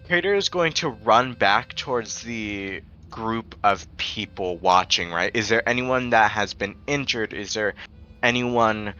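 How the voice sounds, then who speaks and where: Casual male player in a tabletop game, bright tone, lo-fi mic. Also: lowish voice, lively intonation, unhurried, soft background music.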